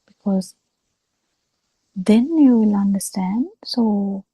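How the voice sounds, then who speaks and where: A woman giving a slow, halting dharma talk over a video call, pausing often as she explains. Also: mid-range voice, warm tone, slightly rough, no echo, low-quality recording. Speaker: Buddhist teacher.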